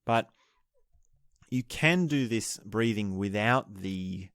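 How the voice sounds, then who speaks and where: Slow, measured male breathing teacher. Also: lowish voice, expressive, fairly bright tone, no echo, clean studio sound. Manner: explains step by step, demonstrating laughter breathing aloud; slow, measured delivery with restarts. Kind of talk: spoken lesson on breathing techniques.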